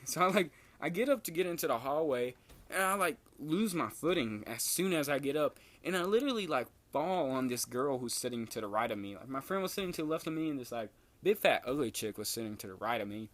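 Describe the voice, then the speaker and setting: A man's voice: expressive, fast, fairly bright tone. Laid-back young man telling a story. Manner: laid-back slangy storytelling, swears a lot, jumps high for quoted lines. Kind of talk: casual storytelling.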